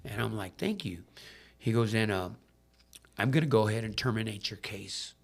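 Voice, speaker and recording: Here he's expressive and gravelly, with a lowish voice at normal speed. The Southern Californian podcast guest in recovery tells a personal story casually, cursing without restraint and switching voices to play every character in the dialogue.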